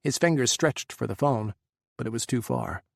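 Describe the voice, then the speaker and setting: A man reading an audiobook in a measured, dramatic narration style. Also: mid-range voice, vocal fry, dry recording, clean studio sound. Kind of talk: scripted narration.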